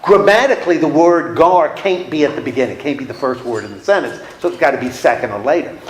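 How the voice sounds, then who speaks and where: Male Bible teacher, high-pitched, chatty and playful, recorded in an echoey room. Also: animated, quick pace. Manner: chatty, playful, acts out little scenes with laughs. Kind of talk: casual Bible class lecture. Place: room with a class.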